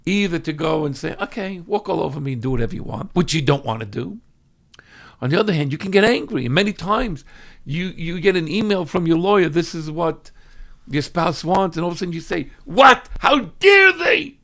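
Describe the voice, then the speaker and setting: A gravelly-voiced man teaches as a rabbi, and his pitch leaps all over the place. He swings from loud, dramatic bursts to hushed asides. He acts out the people he quotes, and his voice sits a little high for a man. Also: expressive, fairly quick. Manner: acts out everyday speakers when quoting them. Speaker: rabbi teaching a weekly class. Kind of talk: animated religious teaching.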